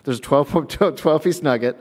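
A man preaching a sermon, telling a personal story in an animated way, acting out voices and laughing often, heard with long hall reverb. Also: a little high, normal speed.

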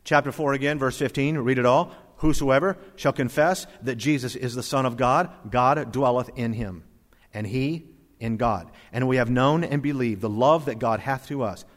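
A man preaching a sermon, reading scripture aloud and swinging between loud emphatic lines and soft quiet ones. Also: mid-range voice, normal speed. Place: church hall with congregation. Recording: long reverb of a hall.

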